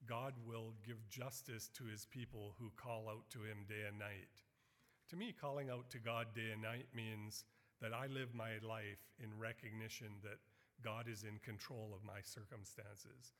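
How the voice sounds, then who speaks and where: A middle-aged man preaching a sermon as a missionary, earnest and building to emphatic, animated quotes. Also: mid-range voice. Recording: long hall reverb.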